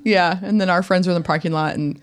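A woman's voice: on the low side, quick pace. Chatty woman telling a story. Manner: animated storyteller, swears freely. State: speaking around new braces. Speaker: podcast co-host. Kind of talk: casual chat.

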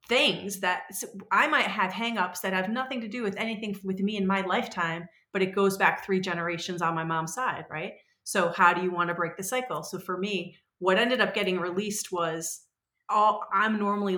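A woman in her forties, a podcast guest telling stories in a rambling, animated way and acting out the voices she quotes. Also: mid-range voice, reverberant. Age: 40s. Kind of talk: casual conversational storytelling.

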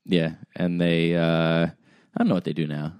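A man's voice: deep voice, little pitch movement, moderate pace, a little mellow, smooth, no echo. A man hosting a podcast, chatting casually about food and cracking dry, meandering jokes. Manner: tall. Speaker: podcast host. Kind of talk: casual chat.

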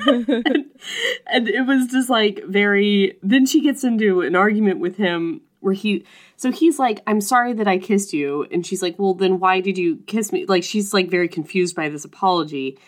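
A woman in casual conversation, retelling a story and acting out the characters' lines in quick voices, often laughing mid-sentence. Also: medium pitch. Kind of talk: casual chat, recapping a story.

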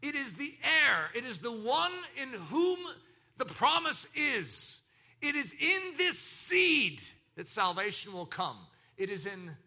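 A man delivers a sermon in a high, very bright voice that leaps up and down in pitch. He swings between loud exclamations and near-whispered lines. He slips into quoted voices and mock laughter as he preaches. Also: gravelly. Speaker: pastor.

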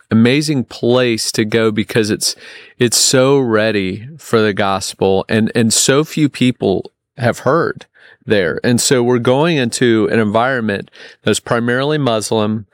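A man in his thirties with a fairly low voice tells a personal story as a podcast guest. He halts and restarts, leaning on fillers as he searches for words. The sound is dry and close. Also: dry recording. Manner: rambling, halting, many restarts and ums.

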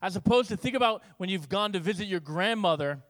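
Male pastor, light high voice, lively storytelling sermon with voiced dialogue. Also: a little fast. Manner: animated storytelling with acted-out dialogue.

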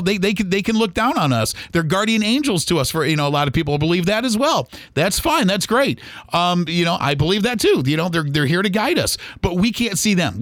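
A man's voice: sits high, a bit bright, no echo, clean studio sound. A middle-aged man hosting a podcast, talking in a casual personal monologue that rambles with many restarts. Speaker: podcast host.

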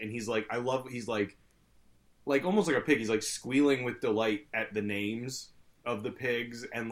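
A man in casual podcast chat, talking enthusiastically about a show in a rambling way full of "like" fillers, with chuckles. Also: fairly low pitch.

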